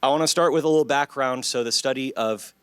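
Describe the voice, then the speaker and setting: Man, psychology professor, conference talk, clear, engages the audience, dry sound. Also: medium pitch, fast, a bit bright, dry recording. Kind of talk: conference presentation. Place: lecture hall.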